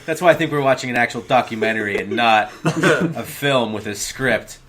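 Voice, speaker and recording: A man co-hosting a casual podcast chat about a film, crude and animated as he tells what happened on screen. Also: medium pitch, moderate pace, a loud crowd. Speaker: podcast co-host.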